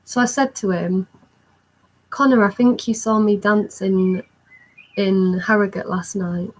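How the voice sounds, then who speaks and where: Young woman, chatty vlogger, recounts a story with breathless excitement. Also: mid-range voice, unhurried, rough recording. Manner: excited, rambling recounting with many fillers. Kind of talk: storytime vlog.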